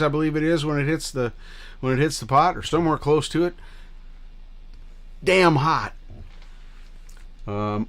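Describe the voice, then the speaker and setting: A man's voice: mid-range voice, a bit bright. A middle-aged man hosting a livestream, chatting casually with viewers in a rambling, scattered way and swearing freely. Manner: rambling and scattered, loose with profanity. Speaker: livestream host.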